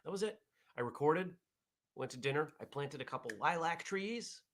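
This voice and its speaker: A man hosting a casual morning vlog show, chatting in a relaxed, rambling way as he reads viewer comments. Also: fairly high pitch, moderate pace, a little hiss or hum.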